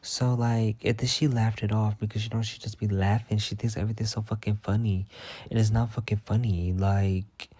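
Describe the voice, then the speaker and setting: This vlogger's workplace story comes out as a casual, heated rant packed with swearing, his frustration obvious. His low voice is dark and level, and he keeps a moderate pace.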